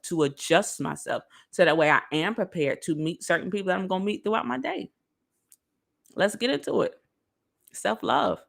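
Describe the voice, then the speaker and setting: A woman giving a casual motivational talk on self-love straight to her viewers, lively and preachy. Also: lowish voice, creaky. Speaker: motivational speaker.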